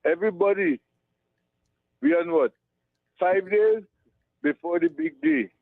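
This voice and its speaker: Trinidad guy on a phone line, gravelly, rambling shout outs, tinny sound. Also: high voice, a little slow, dry recording. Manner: rambling, affectionate, repeats words. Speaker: radio caller.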